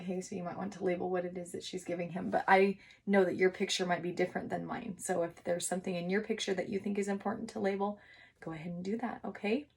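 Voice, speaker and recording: A woman teacher giving a recorded writing lesson to young children, speaking slowly and encouragingly and sounding out syllables. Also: medium pitch, a little mellow, breathy edge. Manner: slow, encouraging, sounding out words for kids.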